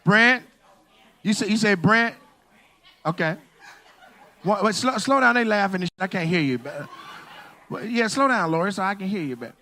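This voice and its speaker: A man's voice: sits high, expressive, moderate pace, pauses often, sharp tone. A man doing stand-up crowd work in a comedy club, teasing the audience in a loose, profane way.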